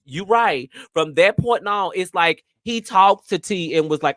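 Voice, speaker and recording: Give me a sassy, profane man telling a story in a slightly high voice. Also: expressive, measured pace, fairly bright tone, no echo, clean studio sound. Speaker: host. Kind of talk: casual storytelling.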